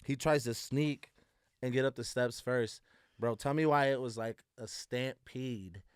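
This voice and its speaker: A young man spins family stories with constant laughter and quick little impressions of relatives. His voice is smooth and clear. The recording is dry and close, with no room sound. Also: medium pitch, no room sound. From Iowa. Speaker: podcast co-host. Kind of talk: casual storytelling chat.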